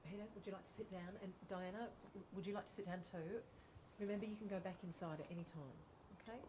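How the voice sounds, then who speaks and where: Actress as a patient supportive friend, gentle, reassuring, mid-pitched voice. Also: female voice, fairly even intonation, fast, noisy background, lightly acted. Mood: calm. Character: calm supportive friend talking someone down.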